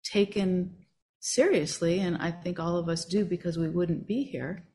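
A woman's voice: on the low side, a little slow, darkish tone. A woman meditation teacher leading a group discussion, enthusiastic and affirming.

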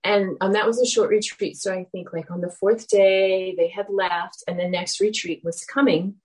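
Woman, meditation teacher, candid personal dharma story, mid-pitched. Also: moderate pace, rough recording. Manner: reflective, animated storytelling with acted quotes.

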